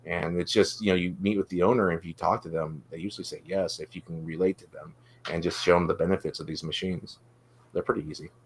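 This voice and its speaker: A man's voice: low voice, steady tone, fast, a little hiss or hum. A man chatting on a livestream as a guest, eager and talking on and on. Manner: eager, talks on and on. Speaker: guest vending operator. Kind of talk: casual livestream chat.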